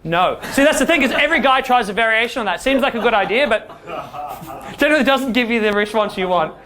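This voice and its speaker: Animated man coaching a class. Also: very high-pitched, quick pace. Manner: animated, acts out quoted dialogue, keeps checking in with "yeah?". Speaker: dating coach. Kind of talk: seminar talk to a class of men.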